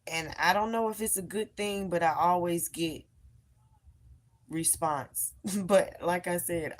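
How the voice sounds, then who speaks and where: Speaking slowly in a low, deep voice, a tarot reader live-streams from home. She tells her story emphatically and animatedly, addressing her viewers as y'all.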